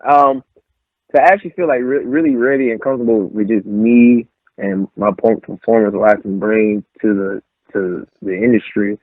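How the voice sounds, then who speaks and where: A man's voice: lowish voice, moderate pace, no echo. Young man on a tinny phone-like line. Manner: animated storyteller, acts out quotes. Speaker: pro wrestler, guest. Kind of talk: casual storytelling interview.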